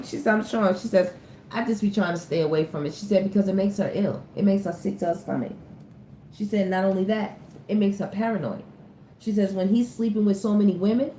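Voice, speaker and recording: A woman's voice: mid-range voice, brisk, warm tone. Chatty woman reading tarot, echoey room. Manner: chatty, talks straight to viewers, laughs often. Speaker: tarot reader. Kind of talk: casual tarot reading monologue. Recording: echoey room with faint ambient noise.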